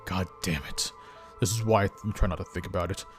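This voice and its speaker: A man's voice: deep voice, steady tone, brisk, soft background music, voice pushed down, close to an everyday voice. A man playing a weary, stern police boss of about sixty in a game, grumbling and dismissive. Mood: gruff.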